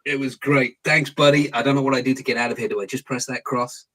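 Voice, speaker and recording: A man's voice: medium pitch, flat delivery, fast talker, a bit bright, poor audio. A British man chatting on a video call as a guest podcaster, joking and self-deprecating. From Britain. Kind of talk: casual video call chat.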